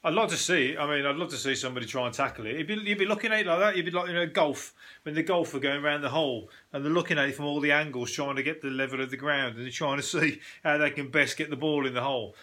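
A British man hosting a casual news podcast, ranting and joking in an animated, sweary way with laughing asides. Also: a little high, fast talker. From Britain. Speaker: podcast host.

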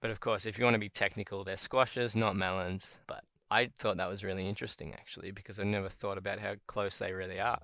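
A man's voice: lowish voice, little pitch movement, fast, hardly any pauses, a bit bright, no room sound. A man hosting a solo podcast about word origins, chatting casually and thinking aloud as he goes. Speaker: podcast host.

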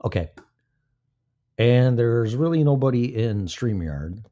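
A man's voice: deep voice, expressive, a little slow, mellow. A man hosting a live-stream show in casual, rambling, profane talk, with his mic off to the side of his mouth. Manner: rambling and profane, killing time. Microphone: mic placed to the side of his mouth.

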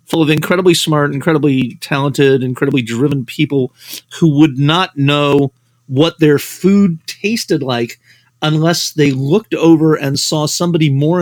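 Male writer-guest, higher-pitched, rambling storyteller. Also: a little slow, dry recording. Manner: rambling, heavy on "you know" fillers. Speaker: guest, novelist and screenwriter. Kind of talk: anecdotal podcast storytelling.

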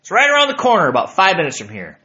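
A man's voice: high voice, huge pitch swings, racing, sharp tone, highs cut off, pitched above the performer's own voice, exaggerated voice. A man voicing a helpful, matter-of-fact man who works at a small-town tourist office.

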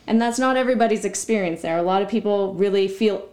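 A woman's voice: medium pitch, fast talker, darkish tone. Reflective woman, casual chat. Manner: reflective, laughs often. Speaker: podcast guest.

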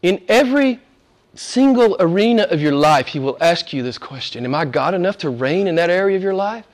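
High-voiced preaching pastor. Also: male voice, lively intonation, a little fast. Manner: swings from loud preaching to hushed near-whispers; repeats phrases for emphasis. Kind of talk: sermon.

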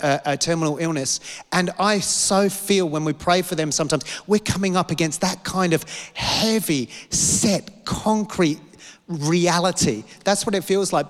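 A man's voice: high voice, in a large hall. A man preaching a sermon with passion, repeating lines and asking rhetorical questions. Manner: impassioned, repetitive, rhetorical questions.

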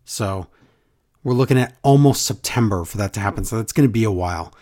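Speaking with a fairly low, dark voice at a brisk clip, a podcast host keeps his wrestling show casual, joking around and reading out emails from listeners with lively energy.

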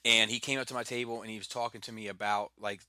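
A man's voice: fairly low pitch, fairly even intonation, fast talker, sharp tone, clean tone, no room sound, clean studio sound. A man co-hosting a podcast, telling stories in a casual chat, laughing often and restarting his sentences. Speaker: podcast co-host.

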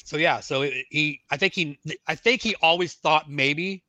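A man's voice: a little high, moderate pace, bright, forceful tone, no room sound. A man, an Army veteran and podcast guest, telling his testimony in a casual, rambling way, full of "like" and "you know".

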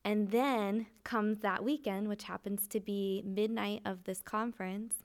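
A woman with a gravelly, fry-tinged voice tells her personal testimony in an earnest, conversational way. She often restarts her sentences and fills pauses as she speaks. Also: medium pitch, steady tone. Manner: earnest, emotional, frequent fillers and restarts. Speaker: guest sharing testimony. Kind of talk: candid conversational storytelling.

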